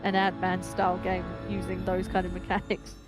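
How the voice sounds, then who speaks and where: A woman's voice: lowish voice, completely flat delivery, moderate pace, music in the background. A woman chatting casually on a game stream, talking through ideas with laughing asides. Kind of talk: casual chat.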